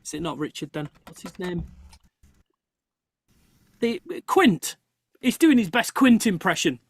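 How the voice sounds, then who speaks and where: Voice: mid-range voice, husky, no room sound. Host telling a story, dry mic. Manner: animated storyteller, halting restarts. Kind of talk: casual chat on a live show.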